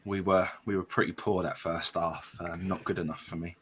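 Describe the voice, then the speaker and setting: A man's voice: sits low, flat delivery, moderate pace, fairly bright tone, husky. A man chatting casually as co-host of a football fan show, telling stories laid-back and calling people mate. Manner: laid-back storytelling, says mate often. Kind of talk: casual chat.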